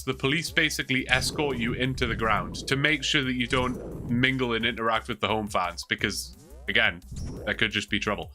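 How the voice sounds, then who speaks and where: A man's voice: medium pitch, sharp tone. A young man with a Geordie accent, chatting casually to his livestream viewers and rambling through stories with lots of fillers. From Newcastle, England. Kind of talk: casual chat to stream viewers.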